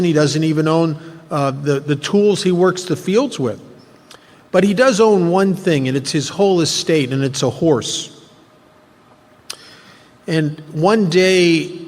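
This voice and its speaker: A man speaking at a recovery workshop, telling a story earnestly to make a spiritual point. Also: fairly high pitch. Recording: long hall reverb.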